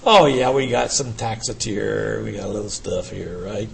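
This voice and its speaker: An older man giving a urology lecture to an audience, emphatic and animated, firing rhetorical questions at the room. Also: lowish voice, moderate pace, creaky, husky.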